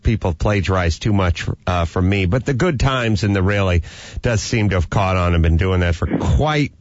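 A man hosting a comedic talk show, telling stories in a loud, ranting way. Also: deep voice, moderate pace, no echo, dull audio. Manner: animated, ranting storyteller. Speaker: podcast host. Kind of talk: casual comedic rant.

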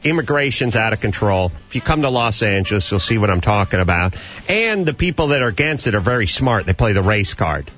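A man's voice: fairly low pitch, big pitch swings, fairly quick, a bit bright, soft background music. A man hosting a talk radio show from a studio, ranting emphatically with sarcastic rhetorical questions. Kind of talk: talk radio banter and rant.

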